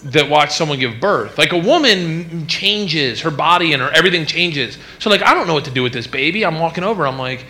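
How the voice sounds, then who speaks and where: A man's voice: on the high side, fairly quick, hardly any pauses, noisy background. A man telling a stand-up story about fatherhood in a loose, rambling way full of "like" fillers. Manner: rambling, heavy use of "like" fillers. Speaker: stand-up comedian.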